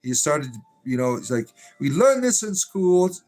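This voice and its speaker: A man's voice: a little high, big pitch swings, unhurried, darkish tone. A man hosting a casual livestream, reading chat aloud and talking in an irreverent, profane, rambling way with lots of fillers, sometimes drifting away from the mic. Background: faint music.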